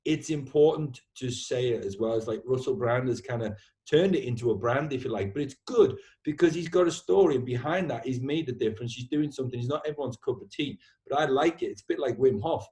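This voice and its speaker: A man's voice: mid-range voice, a little fast, hardly any pauses. A man hosting a podcast, talking in a casual, heartfelt way, swearing freely and often ending with "man". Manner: animated, swears freely, says "man" a lot. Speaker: podcast host.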